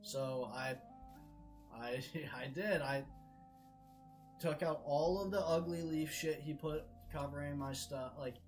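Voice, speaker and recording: A man's voice: on the high side, slow, poor audio. A young man streaming a game, telling a frustrated story in a casual, swear-heavy rant. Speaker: gaming streamer. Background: background music.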